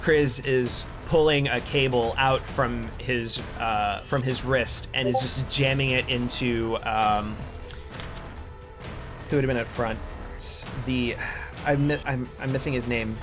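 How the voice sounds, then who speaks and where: A man's voice: medium pitch, slow pace. Man running a tabletop game over music. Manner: relaxed, chatty, many fillers and restarts. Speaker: game master.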